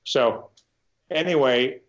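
A man's voice: medium pitch, takes it slowly, lo-fi sound. A man from Nebraska, a guitarist, telling rambling stories in a casual interview, with many restarts and the occasional swear word. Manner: rambling, animated anecdotes with frequent restarts and swearing. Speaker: guitarist guest.

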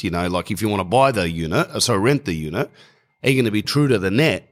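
Aussie bloke rambling thru a funny story, slangy, lowish voice. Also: male voice, quick pace. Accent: Australian. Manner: rambling, slangy, self-correcting. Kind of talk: comedic storytelling monologue.

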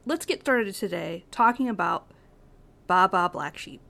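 A woman's voice: medium pitch, expressive, measured pace, creaky, sharp tone. A young woman hosting an educational podcast, reading her prepared script in an earnest, upbeat way. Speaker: podcast host.

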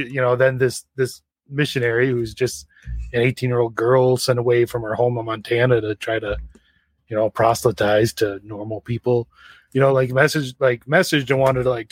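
A man co-hosting a casual podcast chat, telling dry, deadpan jokes between his stories. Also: mid-range voice, no room sound. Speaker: podcast co-host.

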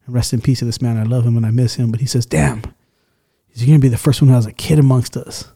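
Chill podcast dad around forty, warm low-key tone, swears a lot, acts out his stories. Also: fairly even intonation, fast talker, gravelly, husky. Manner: loose, swears often, tells stories with voices. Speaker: podcast host. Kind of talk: casual chat.

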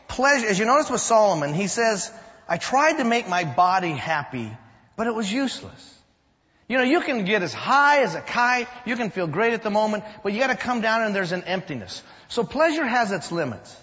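A man preaching a sermon, animated and emphatic, telling stories as he teaches. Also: sits high. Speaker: pastor. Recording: dull recording with long hall reverb.

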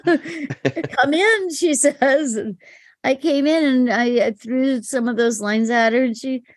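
An older woman, a guest actress in an interview, telling animated stories, acting out quoted voices and laughing often. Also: fairly high pitch, a little slow, dry recording.

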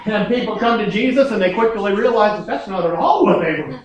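Middle-aged male pastor with a very high voice, folksy sermon delivery that acts out quotes, heard from far off in a very echoey church. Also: animated, fairly quick, muffled recording. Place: church sanctuary.

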